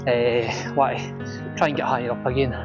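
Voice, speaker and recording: A man's voice: mid-range voice, normal speed, lo-fi sound, over loud music. Breathless Scottish man hiking a mountain. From Scotland. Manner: relaxed and chatty, says wee and aye often. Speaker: hiking vlogger. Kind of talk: casual outdoor vlog narration. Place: outdoors on a mountain ridge.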